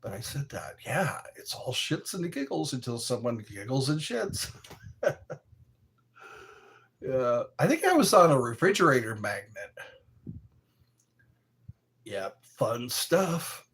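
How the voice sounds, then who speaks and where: A man's voice: medium pitch, big pitch swings, takes it slowly, long pauses, a bit bright. A man hosting his own show, telling crude jokes in a casual monologue and laughing along at them. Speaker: host.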